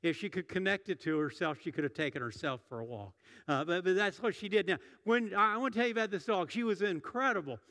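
High-voiced male pastor in a hall. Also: expressive, fast, sharp tone. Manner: conversational, restarts often, repeats words. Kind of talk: sermon. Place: church sanctuary. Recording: long hall reverb.

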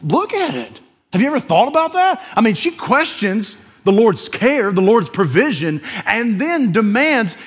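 A man preaching a sermon, animated, acting out scenes and quoting scripture. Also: sits high, measured pace, breathy edge. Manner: animated, acts out scenes and quotes.

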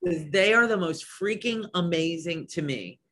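A man's voice: fairly high pitch, lively intonation, moderate pace, fairly bright tone. A man who owns a business, speaking as a podcast guest with enthusiasm and many trailing restarts. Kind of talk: casual podcast conversation.

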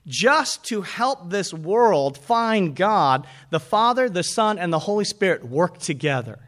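A man preaching a sermon as pastor, animated and calling out to his congregation. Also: high voice, measured pace.

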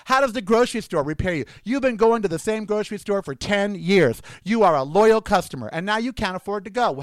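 Man near sixty, indignant sarcastic ranter, high resonant voice, dry close sound. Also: fairly bright tone, clean tone, no room sound. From United States. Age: 50s. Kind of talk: ranting monologue.

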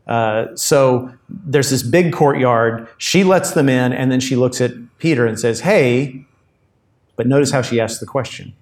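A man's voice: mid-range voice, measured pace. A man preaching a sermon in a conversational, explanatory way, full of asides. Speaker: pastor.

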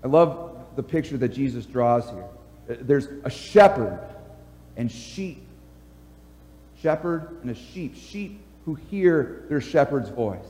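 A man's voice: medium pitch, dark tone, in a large hall. A man preaching a sermon as pastor, talking conversationally with small fillers and restarts. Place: church sanctuary.

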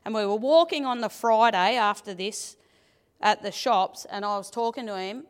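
A woman sharing a testimony at church, chatty and animated, laughing often, speaking into a handheld microphone in a large auditorium. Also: medium pitch, moderate pace, clean tone. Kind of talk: testimony from the stage. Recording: long church hall reverb.

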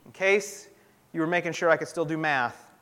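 Preaching in an earnest, conversational style, this pastor frequently loops back to restart sentences. His notably high voice is bright and forceful, at a moderate pace.

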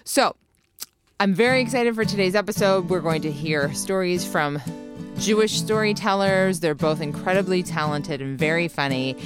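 A woman's voice: lowish voice, normal speed, music in the background. A woman hosting a comedy podcast, introducing it in a playful, joking way. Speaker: podcast host.

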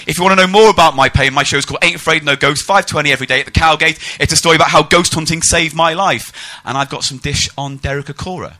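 A man's voice: a little high, quick pace, bright, forceful tone. A man performing a live stand-up comedy set, telling mocking stories with animation.

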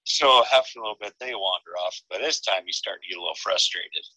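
A man with a low, deep voice tells a story as a podcast guest. His tone is very bright and forceful, and the sound is dry and close. He keeps it casual and animated and laughs often. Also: quick pace, breathy edge, no room sound, rough recording.

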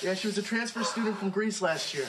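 An actor playing a cocky teenage boy who smooth-talks and reassures others in a sitcom clip. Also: high-pitched, fast talker, very noisy, close to an everyday voice. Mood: breezy. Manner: breezy, reassuring. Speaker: sitcom character.

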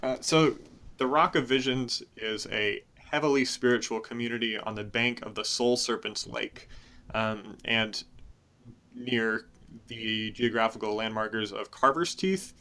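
A man narrating a tabletop game as game master, explaining in a relaxed way. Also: medium pitch, measured pace.

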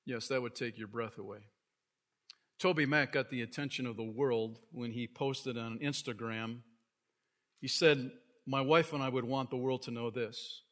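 A pastor preaching a sermon, moving between quiet asides and loud, fervent scripture reading. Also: male voice, mid-range voice, fairly even intonation, moderate pace. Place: church sanctuary.

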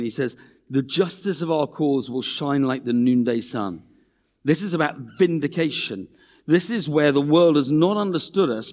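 A man preaching a sermon in a church, earnest and animated, repeating phrases and acting out quoted voices. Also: mid-range voice.

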